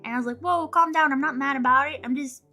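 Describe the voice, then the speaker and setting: A woman's voice: high voice, quick pace, faint music behind. A young woman chatting casually as a streamer, telling a story with lots of laughter and acted-out quotes. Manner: animated, laughs often, acts out quotes.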